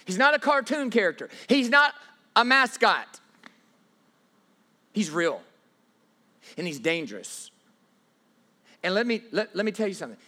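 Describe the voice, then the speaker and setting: Preacher guy, high bright voice, swoops all over, loud then hushed, lots of "and, and, and". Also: very animated, measured pace, pauses often. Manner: emphatic, dramatic swings from loud to hushed; repeats himself and stammers on restarts. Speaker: pastor. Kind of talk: sermon.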